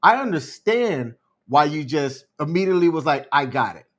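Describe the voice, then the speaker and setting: A man co-hosting a podcast, telling a story in a calm, measured, unhurried way. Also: on the high side. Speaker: podcast co-host. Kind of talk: casual storytelling chat.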